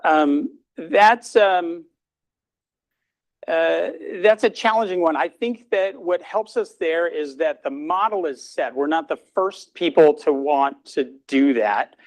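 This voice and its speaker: A man's voice: a little high, slow, rough recording. A middle-aged man giving a hospital grand rounds talk and taking questions, speaking informally with many fillers and restarts. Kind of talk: hospital lecture and Q&A. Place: hospital lecture room.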